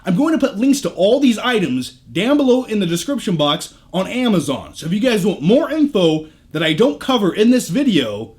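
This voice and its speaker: A man's voice: sits high, big pitch swings, moderate pace, hardly any pauses, darkish tone. A man giving a casual vlog tour of his home theater room, chatty, with joking asides and offhand swearing, recorded on a camera shotgun mic.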